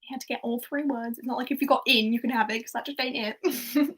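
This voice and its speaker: Giggly high-voiced woman hosting a quiz. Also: steady tone, quick pace, fairly bright tone, breathy edge. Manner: chatty, giggly, reads out viewer answers. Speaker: quiz host. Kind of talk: casual livestream chat.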